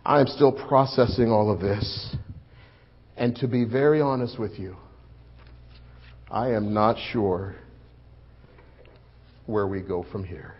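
A man playing a grieving male disciple in a dramatic first-person sermon, swelling loud for the crowd and sinking hushed and low. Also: fairly even intonation, slow, long pauses, breathy edge. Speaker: preacher in first-person monologue. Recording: muffled lo-fi recording.

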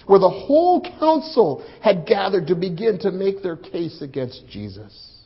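A man playing a grieving male disciple in a dramatic first-person sermon, swelling loud for the crowd and sinking hushed and low. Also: breathy edge. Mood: urgent. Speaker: preacher in first-person monologue. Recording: muffled lo-fi recording.

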